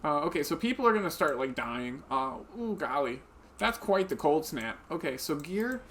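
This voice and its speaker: A man's voice: a little high, very animated, normal speed, a bit bright, a little hiss or hum. A man streaming a video game live, chatting and giggling with viewers as he plays, speaking into a desk microphone. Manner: chatty and giggly, talks to viewers while playing. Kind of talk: casual live-stream commentary.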